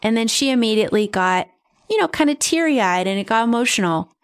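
A middle-aged woman who hosts a podcast as a medium, telling personal stories in a chatty, animated way. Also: a little high, brisk, clear, resonant tone. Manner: chatty, animated, says right and you guys. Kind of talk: casual storytelling.

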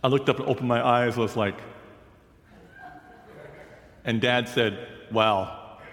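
Slow-speaking pastor in an echoey hall. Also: male voice, mid-range voice, steady tone, fairly bright tone, a little hiss or hum. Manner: storytelling, slow and deliberate. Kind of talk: sermon.

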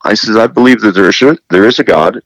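A man with a rather deep voice tells his stories with energy and plays every quoted line aloud. He repeats himself and often restarts his sentences. The recording is close and dry, with no room sound. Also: quick pace, no room sound, poor audio. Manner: animated storyteller who acts out quoted dialogue. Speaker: guest, television presenter. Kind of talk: casual faith interview.

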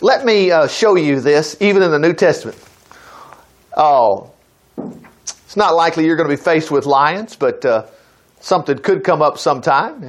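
An older man teaching from the Bible in a conversational way, reading verses aloud and breaking into emphatic bursts. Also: on the high side. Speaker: preacher.

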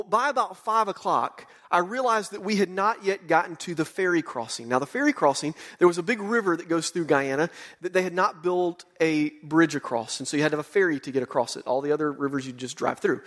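A man, preaching a sermon and telling a lively mission-trip story. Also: quick pace. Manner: animated storyteller, voices quotes with rising pitch. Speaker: pastor.

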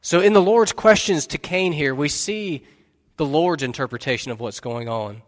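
Male pastor, earnest, keeps questioning the congregation; a touch high-pitched, recorded in a large echoing sanctuary. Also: normal speed. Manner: earnest, asks listeners questions again and again. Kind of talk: sermon. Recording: long reverb of a large hall.

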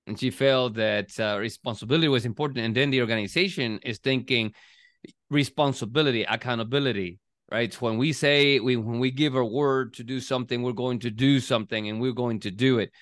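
A man chatting as co-host in a measured, reflective way, often checking in with "right?". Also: mid-range voice, a bit bright, no echo, clean studio sound. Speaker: podcast co-host. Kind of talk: casual conversation.

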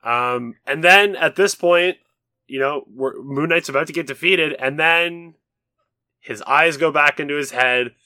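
A man's voice: on the high side, unhurried, sharp tone, no room sound, studio quality. A young man co-hosting a podcast, chatting casually, laughing often and swearing freely. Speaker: podcast co-host. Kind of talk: casual chat.

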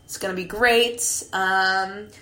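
A young woman hosting a podcast, telling a story in a candid, profane, animated way, a few drinks in. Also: medium pitch, slow, reverberant. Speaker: podcast host. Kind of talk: casual monologue.

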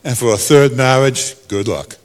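A male pastor, preaching a sermon that swings from soft to loud. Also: medium pitch, normal speed, in a large hall.

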